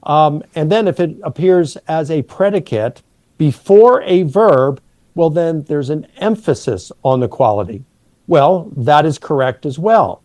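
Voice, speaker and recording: A middle-aged man, a New Testament professor, patiently explaining Greek grammar and slowing down to stress key words. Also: a little high, lively intonation, a little mellow, no room sound.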